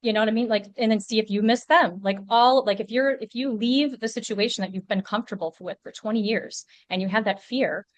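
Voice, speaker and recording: A woman's voice: on the high side, a little fast, few pauses, dry recording. A woman guest in a casual podcast conversation, talking in a chatty way with lots of "like" fillers. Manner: chatty, many "like" fillers, animated.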